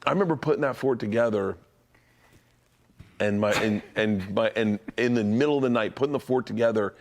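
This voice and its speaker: A middle-aged man co-hosting a podcast in casual chat, an animated storyteller who swears freely. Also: mid-range voice, quick pace, creaky. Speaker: podcast co-host.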